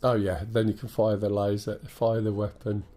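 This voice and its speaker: A man's voice: on the low side, little pitch movement, normal speed, dark tone. A man with an English accent and a stuffy nose from a cold, chatting through a live flight-sim stream, thinking aloud and greeting viewers. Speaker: game streamer.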